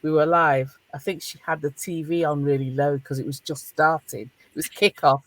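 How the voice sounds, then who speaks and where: A middle-aged woman with a Northern English accent hosting a podcast roundtable over a video call, chatting in a casual, animated way. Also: low-pitched, moderate pace. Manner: animated, laughing, encouraging. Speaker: podcast host.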